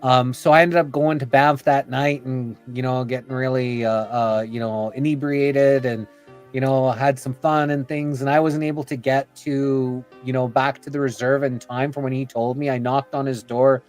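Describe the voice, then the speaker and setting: A man's voice: mid-range voice, little pitch movement, normal speed, faint music behind. A man on a podcast telling a long personal story in a chatty, rambling way, full of "you know" and "like," acting out what people said. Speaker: podcast guest.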